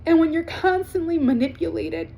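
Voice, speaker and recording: A woman in her forties with a bright, high-pitched voice talks straight to camera. She is blunt and animated, with swearing scattered through her talk. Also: moderate pace, gravelly, lo-fi sound. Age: 40s. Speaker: vlogger.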